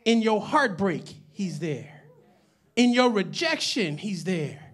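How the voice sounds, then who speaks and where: A man pastor preaching a sermon to a live congregation, calling for responses, swinging from loud declarations to hushed asides, and joking with laughing asides. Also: high-pitched, big pitch swings, slow. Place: church service with live congregation.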